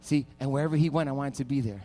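A man preaching a sermon as pastor, telling stories with animated energy and building to loud, fervent preaching. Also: mid-range voice, quick pace, soft background music.

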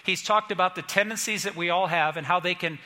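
A man's voice: high voice, fast, bright, forceful tone, in a large hall. A man from Indiana preaching a sermon as pastor, earnest and emphatic, repeating key phrases. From Indiana, USA. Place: church sanctuary.

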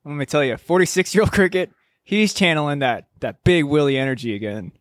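A man's voice: a little high, brisk. A male podcast co-host in easy banter with a friend. He spins jokey anecdotes and swears without a second thought. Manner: joking, storytelling, swears casually.

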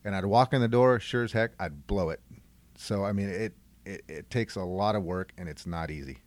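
A middle-aged man with a very deep voice talks earnestly about hard-won lessons, giving advice and repeating key points for emphasis. The sound is dry and close, with no room around it. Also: moderate pace, dry recording. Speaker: guest, retired first responder. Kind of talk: reflective podcast interview.

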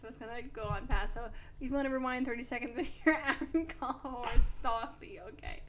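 A woman's voice: fairly high pitch, steady tone, brisk, faint music behind. A young woman co-hosting a podcast, chatting casually and telling stories with lots of "like" fillers. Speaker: podcast co-host. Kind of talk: casual chat.

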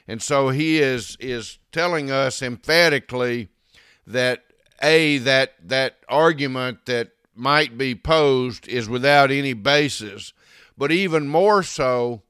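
A man preaching an expository sermon, reading scripture and explaining it with deliberate, emphatic delivery. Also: mid-range voice, fairly bright tone, clean tone, no room sound, studio quality. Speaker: pastor.

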